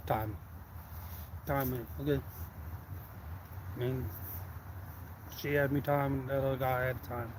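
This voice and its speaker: A man's voice: medium pitch, level tone, a little slow, long pauses, background noise. A man hosting a live stream, telling a rambling, colloquial story and acting out the people he quotes. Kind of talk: casual storytelling.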